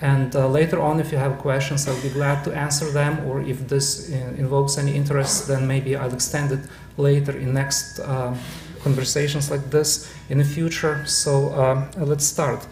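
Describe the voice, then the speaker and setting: Halting man giving a club talk. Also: mid-range voice, flat delivery, darkish tone, a little hiss or hum. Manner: halting, many fillers and restarts. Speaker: club presenter. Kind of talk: casual club presentation. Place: club meeting room.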